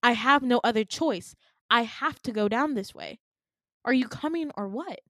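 A woman's voice: on the high side, lively intonation, normal speed, no room sound, studio quality, close to an everyday voice. A woman voicing a blunt young woman who urgently and insistently presses her friend to flee.

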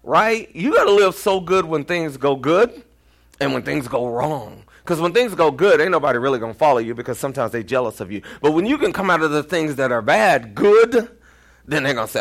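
A pastor with a Texan accent preaching a storytelling sermon, acting out quoted voices and sometimes near-shouting. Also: male voice, on the high side, lively intonation, brisk.

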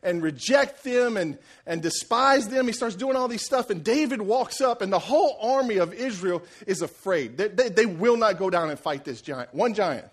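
Guy preaching, fairly high voice, tells the story big and acts out the lines. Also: normal speed, few pauses, slightly rough. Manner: animated storytelling, acts out the characters' lines, laughs often. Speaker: pastor. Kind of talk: sermon.

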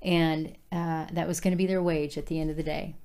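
A woman's voice: deep voice, little pitch movement, fairly quick, dark tone, clean tone. A woman giving a casual devotional Bible teaching, speaking earnestly and directly to her listeners.

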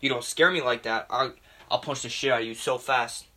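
A man's voice: mid-range voice, steady tone, fairly quick, bright, forceful tone. A man mimicking a defensive, boastful young tough guy who makes empty threats. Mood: blustering. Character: blustering young male tough-guy bro.

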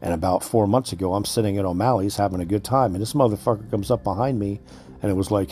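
A man's voice: on the low side, fast talker, dark tone. A man hosting a podcast, delivering an angry, swear-filled rant that lectures his listeners. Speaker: podcast host.

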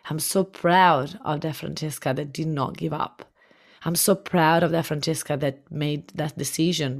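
Low-voiced impassioned woman coach. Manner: impassioned, repetitive. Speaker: business coach. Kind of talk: motivational podcast talk.

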